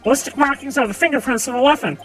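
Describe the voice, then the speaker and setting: A woman's voice: high voice, rapid-fire, faint music behind. A woman streaming live, reading a courtroom visual novel aloud and voicing its characters in a theatrical way.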